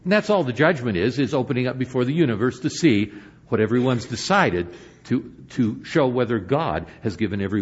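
An older man preaching a sermon as pastor, moving between emphatic points and hushed, quiet stretches. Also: medium pitch, breathy edge, muffled recording.

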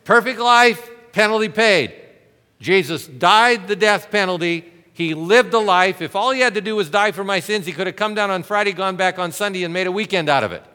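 Male pastor, sermon delivery, emphatic and interactive, bright tone with a long hall reverb. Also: high-pitched, a little fast, hardly any pauses. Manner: emphatic preaching with rhetorical questions and audience interaction.

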